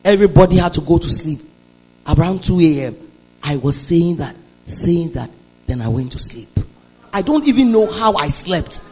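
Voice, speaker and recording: Fiery Nigerian woman preacher, animated. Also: fairly low pitch, moderate pace, faint music behind, poor audio. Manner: animated, swings between hushed storytelling and shouted declarations; calls the congregation to respond. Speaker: preacher giving a testimony. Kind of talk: sermon.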